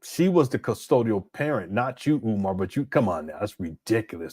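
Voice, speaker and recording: A man's voice: lowish voice, very animated, brisk, hardly any pauses, a little mellow. A man hosting a reaction commentary, incredulous and indignant, laughing often. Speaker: commentary channel host.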